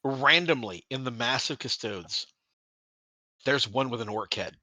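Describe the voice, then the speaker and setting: Man, podcast co-host, casual chat, animated and profane, bright voice, dry close sound. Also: medium pitch, a little slow, dry recording. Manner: animated, laughs, swears freely, restarts sentences.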